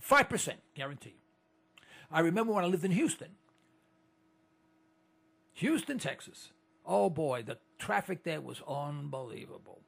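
An older man delivers an indignant, rambling monologue, stumbling and restarting his sentences as he goes. His voice sits high and leaps around a lot. It has a husky, gravelly texture. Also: big pitch swings, measured pace, long pauses, a bit bright. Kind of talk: monologue to listeners.

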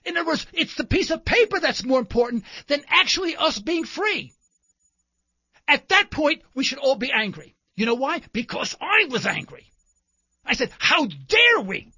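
Man, talk show host, impassioned rhetorical monologue, sharp tense tone, dry close sound. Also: extremely high pitch, very animated, normal speed, dry recording, lo-fi sound. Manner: impassioned, rhetorical, builds to indignant emphasis. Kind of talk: political commentary monologue.

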